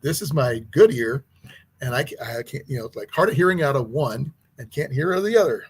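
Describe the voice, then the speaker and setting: A man hosting an outdoors channel who teaches archery, talking in a casual, rambling livestream chat with a hoarse, husky voice. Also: mid-range voice, animated, a little fast. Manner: rambling, chatty, with many restarts.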